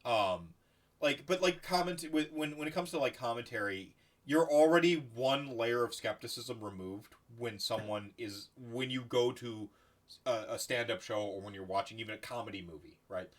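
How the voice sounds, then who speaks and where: A man hosting a casual podcast chat, animated and loose, swearing freely and restarting his sentences. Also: mid-range voice, normal speed. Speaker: podcast host.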